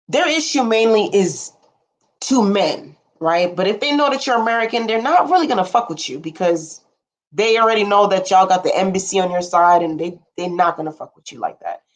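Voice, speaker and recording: A young woman hosting a casual livestream, rambling frankly with blunt asides and casual swearing, and answering viewer comments as she talks. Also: medium pitch. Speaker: livestream host.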